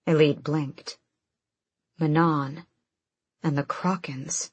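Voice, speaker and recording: Low-voiced woman narrator for a fantasy audiobook; slow, measured, husky. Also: flat delivery, no echo.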